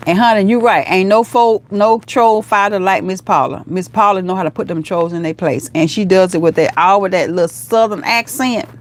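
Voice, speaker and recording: A woman vlogger chatting on a livestream, reading viewer comments and talking to them as "girl" and "honey" in a lively, encouraging way. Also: medium pitch, normal speed, few pauses.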